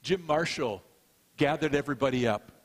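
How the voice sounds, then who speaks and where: A middle-aged pastor delivers a sermon like he's telling stories in conversation, tossing in self-deprecating asides. He speaks at a moderate pace in a medium pitch, and the recording carries a long hall reverb.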